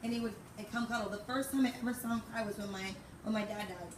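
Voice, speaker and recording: A woman's voice: medium pitch, steady tone, fast talker. A young woman in her twenties giving an informal memorial tribute, rambling through anecdotes and often laughing. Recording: echoey, distant mic, background noise.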